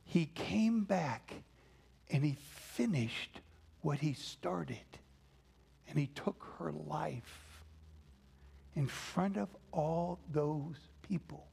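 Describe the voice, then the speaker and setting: A man's voice: on the high side, lively intonation, very slow, gravelly, a little mellow, husky. A man preaching a sermon, telling stories and dropping to a whisper for emphasis. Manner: dramatic, drops to a whisper for emphasis. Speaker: pastor.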